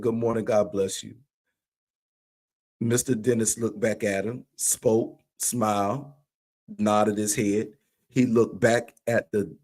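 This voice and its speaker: Man, middle pitch, animated storyteller, livestream talk. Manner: animated storytelling, acts out quoted dialogue. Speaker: church leader telling a story. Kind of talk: livestream conversation. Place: remote livestream call.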